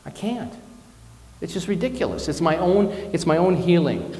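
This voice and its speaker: A man's voice: a little high, a little fast, warm tone. A man preaching a conversational sermon as minister, candid and personal, telling stories with self-deprecating asides. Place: church or spiritual centre hall. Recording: echoey hall with long reverb.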